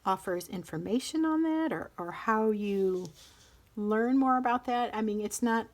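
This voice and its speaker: A woman's voice: a little high, lively intonation, measured pace. A middle-aged woman casually chatting through a pen and ink review, rambling and interrupting herself as she thinks aloud. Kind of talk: casual show-and-tell vlog.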